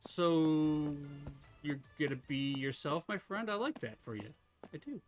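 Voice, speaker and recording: A man's voice: fairly high pitch, expressive, unhurried, faint music behind. A man streaming a game live, chatting casually with viewers, teasing them and laughing often.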